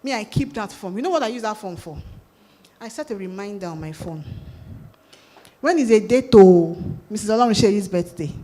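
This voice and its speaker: A woman with a Nigerian accent giving a sales talk at a conference, lively and asking the audience questions. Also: mid-range voice, moderate pace. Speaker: conference speaker. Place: conference hall.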